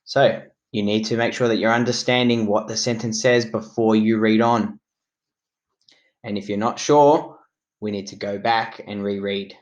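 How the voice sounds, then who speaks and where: A man speaks in a fairly low voice as a primary school teacher recording a reading lesson. His delivery is slow, clear and encouraging, pitched for young children. He sounds like he is in his classroom. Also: steady tone.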